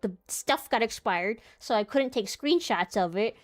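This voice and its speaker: A woman's voice: fairly high pitch, animated, unhurried, faint music behind. A young woman rambling casually while she draws, laughing a lot, swearing, and muttering to herself over her work. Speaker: artist streamer.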